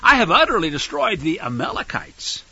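A man's voice: fairly high pitch, wildly swooping pitch, moderate pace, pushed and bright, husky, no room sound, full character voice. Man doing a stammering excuse-making king. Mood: defensive. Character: evasive, excuse-making ancient king, defensive. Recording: dull lo-fi recording.

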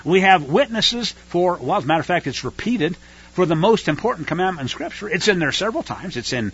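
A man's voice: sits high, very animated, brisk, a bit bright, breathy edge. A man preaching a radio sermon in a fiery, emphatic and scornful way. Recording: dull lo-fi radio recording.

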